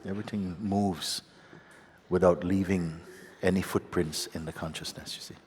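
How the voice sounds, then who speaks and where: A man giving a satsang teaching as a spiritual teacher, gentle and unhurried, often breaking into laughter. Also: deep voice, fairly even intonation, a little hiss or hum. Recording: long hall reverb with faint ambience.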